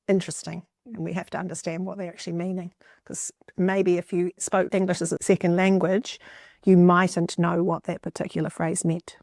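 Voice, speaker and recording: Expressive New woman teacher, dry sound. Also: lowish voice, no echo. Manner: clear, expressive, emphasizing words for young readers. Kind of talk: classroom lesson and teacher voice-over.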